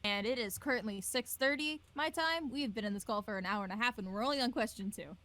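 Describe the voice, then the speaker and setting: Casting note: chatty host, woman, slightly high voice, casual and sweary on a home mic. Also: quick pace, sharp tone. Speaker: podcast host. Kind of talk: casual group chat on a call.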